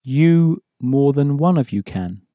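Male language tutor, mellow and steady, dry studio read, patient and explanatory. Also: medium pitch, slow pace, no room sound. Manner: patient, explanatory, prompting the listener. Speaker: language teacher. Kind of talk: audio language lesson.

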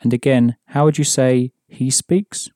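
A man's voice: medium pitch, fairly even intonation, unhurried, mellow, no echo, clean studio sound. A man teaching an audio language lesson, patiently explaining rules and prompting the listener.

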